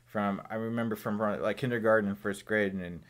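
Low-voiced man musing in casual chat. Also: steady tone, fairly quick. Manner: thoughtful, rambling with restarts. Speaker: podcast guest.

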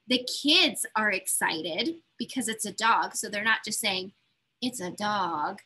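A woman teacher walks young children through a reading lesson, speaking slowly and patiently. Her voice is bright, a bit high and slightly breathy. She keeps the tone encouraging throughout. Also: animated. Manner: patient and encouraging, coaxing young learners along. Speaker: elementary school teacher.

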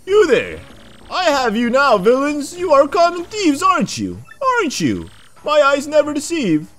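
A man's voice: very high voice, huge pitch swings, unhurried, a bit bright, soft background music, pitched above the performer's own voice, heavily acted. A man voicing a pompous, blustering male detective in a video game, stammering through his deductions. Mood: accusing.

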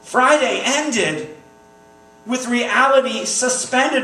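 A man performs a spoken-word poem with a rhythmic, declamatory delivery, circling back to a refrain again and again. His voice sits high and sounds bright and sharp. The recording carries the echo of a church hall and places him at a distance from the mic. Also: unhurried. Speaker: poet. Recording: echoey hall, recorded from far off.

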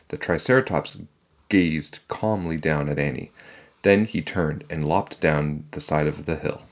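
A man reading a children's chapter book aloud in a calm, measured storytelling manner. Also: extremely low pitch.

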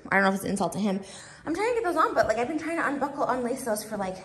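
A woman's voice: on the high side, sing-song, racing, fairly bright tone. Breathless, giggly woman vlogger, chatty, whispers asides; roomy, distant, noisy sound. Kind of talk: casual vlog chat. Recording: echoey room, distant mic, noisy.

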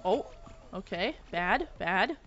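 A woman streaming a video game, giving excitable live commentary, yelling and swearing at the game. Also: mid-range voice, takes it slowly, dull audio.

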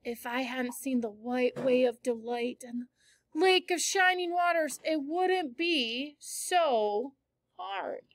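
A woman's voice: high voice, expressive, slow, heavily acted. Anne, a woman reading as an eager orphan girl. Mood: reproachful. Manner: breathless, gushing, dramatic. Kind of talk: reading aloud from a novel.

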